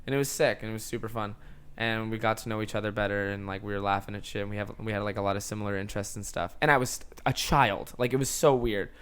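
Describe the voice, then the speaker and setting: A man in his twenties, a podcast guest, telling a story in casual chat, animated and laughing, swearing freely. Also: on the low side, fast, clear, resonant tone.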